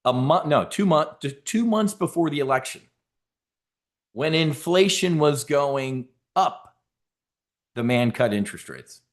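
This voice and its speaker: A man's voice: on the high side, expressive, unhurried. A middle-aged man hosting a market briefing for trading members, brash and emphatic, with frequent fillers and restarts.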